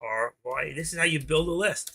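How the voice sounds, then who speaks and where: A middle-aged man with a gravelly, bright-edged voice runs a casual trading livestream. He rambles quickly through charts and tickers in an easygoing way. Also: on the high side. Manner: rambling, talks fast while clicking through charts. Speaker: stock trading livestream host. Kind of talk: casual live screen-share commentary.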